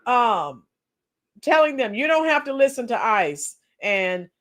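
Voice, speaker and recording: A woman with a hoarse, cracking voice giving chatty, opinionated political commentary on a live stream and reading viewer comments. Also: on the high side, very animated, fairly bright tone. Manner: opinionated, chatty, sings song snippets slowly. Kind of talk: casual political commentary livestream.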